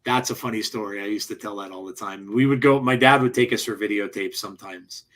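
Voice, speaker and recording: A man's voice: on the low side, fast, fairly bright tone. A man co-hosting a wrestling podcast, chatting casually and telling rambling stories with restarts and laughs. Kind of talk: casual chat.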